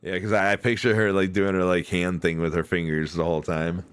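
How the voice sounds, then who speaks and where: A man hosting a podcast, chatting casually and telling animated, rambling stories full of fillers. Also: deep voice, brisk, clean tone. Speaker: podcast host. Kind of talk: casual chat.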